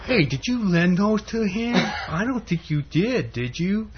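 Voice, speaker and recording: A man's voice: sits high, big pitch swings, measured pace, background noise, pitched above the performer's own voice. A man voicing a sly male devil who needles and insinuates, prodding his listener with repeated "hey"s on a dull lo-fi recording. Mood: goading.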